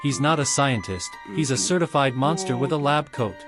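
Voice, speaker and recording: A man's voice: mid-range voice, lively intonation, moderate pace. A man narrating scripted comedic commentary in a sarcastic, mocking roast style. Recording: loud music bed behind voice.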